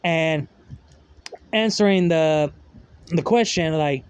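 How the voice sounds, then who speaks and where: Give me a slow, rambling man retelling a fan story, in a high voice. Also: clean tone, dry recording. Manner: rambling, filler-heavy, loose grammar.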